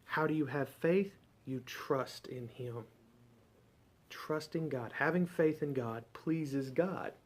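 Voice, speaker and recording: A man's voice: fairly high pitch, slow pace. Folksy man giving a short devotional. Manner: conversational storytelling, folksy. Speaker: ministry devotional host.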